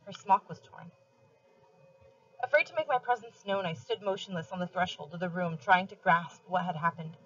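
For a class, a woman reads a novel aloud with steady, expressive first-person narration, pausing for study questions. Her voice is fairly low, and the audio is dull.

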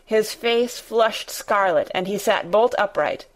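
A woman narrating a storybook in a deliberate, expressive reading. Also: mid-range voice, poor audio. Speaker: audiobook narrator.

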